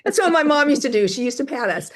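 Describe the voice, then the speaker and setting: A woman hosting a casual talk show who is losing her voice, encouraging and quick to laugh. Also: high-pitched, big pitch swings. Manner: warm, encouraging, laughs often. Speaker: podcast host. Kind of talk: casual chat.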